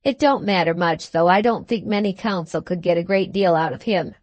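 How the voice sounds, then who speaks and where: A woman voicing a bustling, fussy little male lawyer who talks in a brisk, knowing way. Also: on the low side, no echo, lo-fi sound, lightly acted. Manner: brisk, knowing, repeats "my dear sir".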